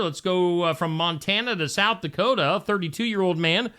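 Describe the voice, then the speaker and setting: A man's voice: high-pitched, normal speed, sharp tone, smooth. A man hosting a morning show, reading news stories and adding wisecracking, conversational comments between the headlines.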